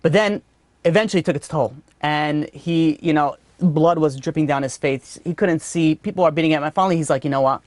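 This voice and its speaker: A man's voice: a little high, fairly quick, dry recording. Man telling a teaching story, dry sound. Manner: lively storyteller with frequent "you know" asides. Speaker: rabbi teaching a weekly class. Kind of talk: storytelling religious lesson.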